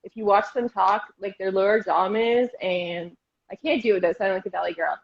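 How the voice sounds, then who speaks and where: Woman, podcast co-host, giggly and animated, dull lo-fi sound. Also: medium pitch, fairly quick, vocal fry. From Canada. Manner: giggly, animated, self-deprecating. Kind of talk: casual chat. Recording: dull lo-fi audio.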